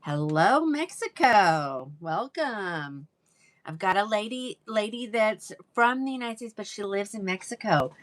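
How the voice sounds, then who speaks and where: A woman hosting a live wig sale, chatting casually and greeting viewers by name. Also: medium pitch. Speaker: live-selling wig seller. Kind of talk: casual livestream sales chat.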